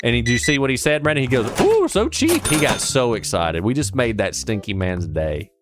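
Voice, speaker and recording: A man's voice: medium pitch, fairly quick, over music. A man casually commenting on a shop game, joking and chatting with his customers. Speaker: gaming streamer.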